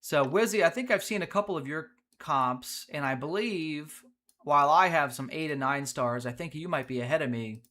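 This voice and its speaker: A man hosting a live gameplay stream, energetic and chatty, talking to his viewers as he plays. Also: fairly high pitch, moderate pace. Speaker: streamer, host.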